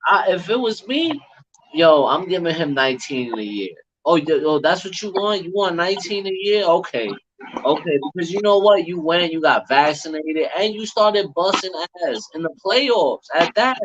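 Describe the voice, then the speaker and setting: A man co-hosting a casual sports debate, fired up and slangy, tripping over quick restarts. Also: a little high, expressive. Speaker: co-host. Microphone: phone. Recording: muffled phone with faint hiss.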